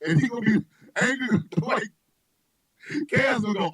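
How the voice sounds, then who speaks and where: A man who is a comedian and radio host, joking loudly in animated casual chat, often shouting and laughing. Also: very high-pitched, moderate pace, husky, no room sound, rough recording.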